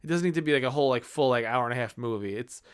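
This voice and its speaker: A man in his thirties talks through his favorite movies in a casual, enthusiastic ramble full of fillers. His voice is smooth and clear, sitting at a middle pitch. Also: rapid-fire. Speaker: movie reviewer.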